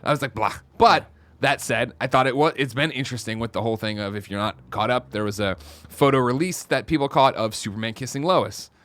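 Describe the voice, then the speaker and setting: A man hosting a casual podcast chat, rambling and animated as he tells stories. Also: medium pitch, a little fast. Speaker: podcast host.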